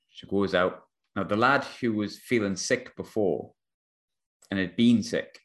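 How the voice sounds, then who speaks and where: A young man, hosting a podcast and telling a funny story in casual, slangy chat. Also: low-pitched. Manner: animated, laughing storyteller, slangy. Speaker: podcast host.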